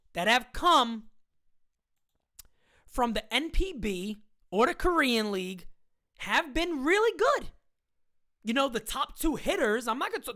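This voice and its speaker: A woman hosting a live-stream sports chat, talking in a hyped, slangy way as she shouts out viewers. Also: fairly high pitch.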